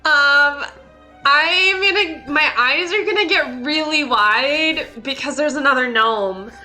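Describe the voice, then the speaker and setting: Giggly high-voiced young woman player. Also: takes it slowly, pushed and bright, soft background music. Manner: giggly, hesitant, many likes. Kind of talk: casual tabletop play.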